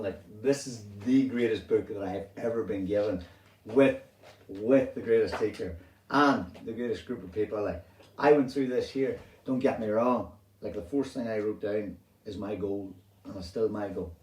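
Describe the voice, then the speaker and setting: Swearing Northern Irish man telling his story. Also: fairly low pitch. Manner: animated, rambling, swears freely. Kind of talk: casual personal storytelling. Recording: roomy sound, distant from mic.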